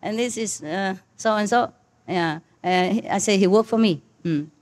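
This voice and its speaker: A woman's voice: mid-range voice, unhurried, a little mellow. An older woman telling a personal story to disciples in casual chat over a meal, laughing often and speaking with many fillers. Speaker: spiritual teacher. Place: meal gathering with listeners.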